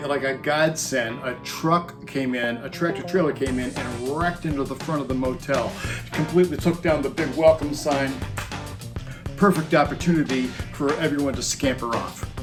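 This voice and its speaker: A man in his fifties telling a rowdy comic story in a rambling, casual way and chuckling often as he goes. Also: on the high side. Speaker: former roadie telling tour stories. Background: music playing under the voice.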